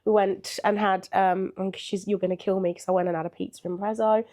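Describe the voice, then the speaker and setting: A woman's voice: medium pitch, level tone, a little fast, darkish tone. An older woman, a podcast co-host, telling a story in casual chat with a chatty manner, laughing often and acting out what people said.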